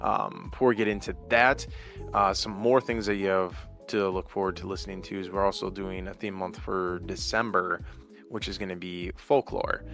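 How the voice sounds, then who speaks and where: Rambling male podcast host, low voice. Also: steady tone, normal speed, vocal fry, fairly bright tone, faint music behind. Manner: rambling, chatty, frequent fillers and restarts. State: recovering from illness, occasional cough. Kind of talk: casual solo podcast talk.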